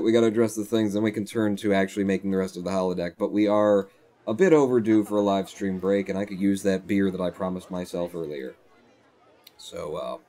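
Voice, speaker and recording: A man's voice: low voice, dark tone. A man chatting casually on a live stream at home, rambling as he tells stories while playing.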